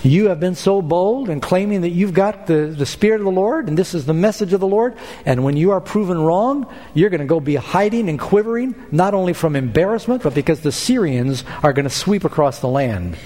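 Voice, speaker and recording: Brief: bold stern prophet delivering a warning, read by a male preacher, slightly high voice, long hall reverb. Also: animated, fairly quick, few pauses, dark tone.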